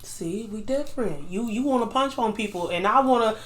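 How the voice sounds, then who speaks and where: A woman's voice: a little high, fairly quick, reverberant. Blunt woman podcast co-host. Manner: blunt, emphatic reactions. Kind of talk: casual chat.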